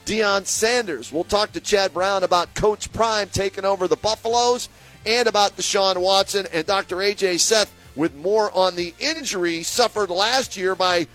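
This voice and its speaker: A man's voice: sits high, moderate pace, a bit bright, faint music behind. A man co-hosting a sports radio show, chatting loosely about the team's payroll. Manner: chatty, loose, laughing asides. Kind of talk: casual sports talk radio banter.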